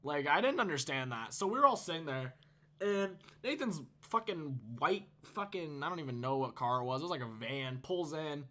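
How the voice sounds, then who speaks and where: A man's voice: fairly high pitch, animated, normal speed, pushed and bright. A teenage man telling a storytime vlog, casual and profane, rambling and laughing. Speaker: YouTuber.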